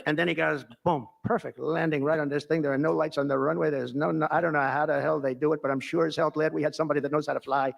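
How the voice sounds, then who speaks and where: A man's voice: fairly high pitch, flat delivery, fast, vocal fry, few pauses. A man giving a boastful, rambling anecdotal speech, repeating himself as he digresses. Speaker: speaker telling a story at an event.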